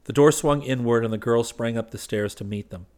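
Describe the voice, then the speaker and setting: A man narrating a story in a steady, measured reading. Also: medium pitch. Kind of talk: audiobook narration.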